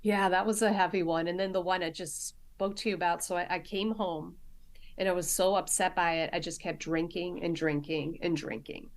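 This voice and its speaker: A middle-aged woman, a nurse practitioner, sharing personal stories as a podcast guest in a halting way, full of restarts and fillers. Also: lowish voice, steady tone. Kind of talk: candid personal storytelling in a podcast interview.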